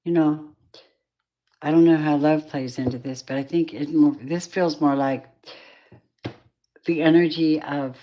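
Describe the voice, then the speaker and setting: A woman's voice: low-pitched, steady tone, a little slow, pauses often, lo-fi sound. A tired woman giving a live tarot reading in a rambling, affectionate way, calling her viewers babies and darlings. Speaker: tarot reader.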